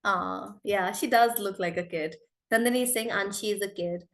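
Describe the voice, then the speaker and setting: A woman's voice: mid-range voice, normal speed. A woman with an Indian English accent teaching a live online class over a video call, chatty and calling students by name.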